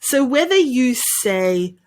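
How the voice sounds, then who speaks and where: An Australian woman teaching English pronunciation in an online lesson, cheerful, often laughing and drilling words slowly. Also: high-pitched, very animated, darkish tone.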